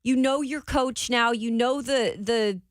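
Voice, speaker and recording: A woman co-hosting a morning sports radio show, giving brisk, emphatic football opinions. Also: on the high side, dry recording, studio quality. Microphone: studio microphone.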